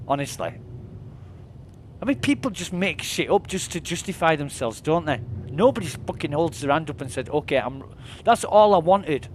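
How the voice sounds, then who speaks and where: A man's voice: fairly high pitch, lively intonation, normal speed, a little hiss or hum. Exasperated swearing man streaming. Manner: exasperated, swearing, retells arguments in quoted voices. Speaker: livestreamer. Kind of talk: casual gaming livestream rant.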